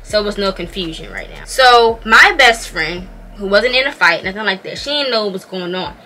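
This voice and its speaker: A young woman telling a story to her viewers while doing her makeup, animated and slangy, often calling out to them as y'all. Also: mid-range voice, moderate pace, a little hiss or hum. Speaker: vlogger.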